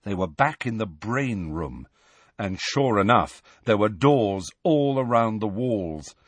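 Expressive male narrator, husky. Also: lowish voice, slow pace, no room sound. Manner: expressive storytelling, tense. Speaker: audiobook narrator. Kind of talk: scripted narration.

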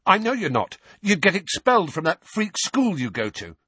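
Storybook casting: a husky, snarling teenage bully boy, as a man puts him on, raised high above a low voice. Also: huge pitch swings, normal speed, pushed and bright, no echo, heavily acted. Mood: taunting. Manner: snarling, taunting. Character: sneering teenage boy bully, big and sulky.

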